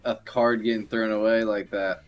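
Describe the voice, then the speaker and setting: A man's voice: on the low side, flat delivery, normal speed. A man competing on an online game show, chatting in a laid-back, amused way. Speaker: contestant. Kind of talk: casual chat.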